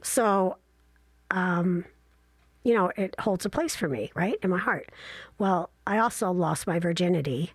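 A woman in her sixties telling a casual travel story, chatty and self-deprecating with animated asides. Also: lowish voice, measured pace, breathy edge, no room sound.

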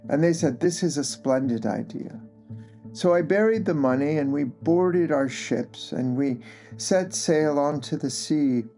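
A man telling an old tale aloud, with slow, unhurried delivery. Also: a little high, mellow, soft background music. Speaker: storyteller. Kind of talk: oral storytelling.

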